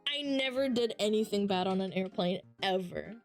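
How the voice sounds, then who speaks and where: A young adult woman streaming, telling stories in casual chat with lots of swearing and an animated, chatty way of talking. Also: mid-range voice, moderate pace, faint music behind. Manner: profane, animated storytelling.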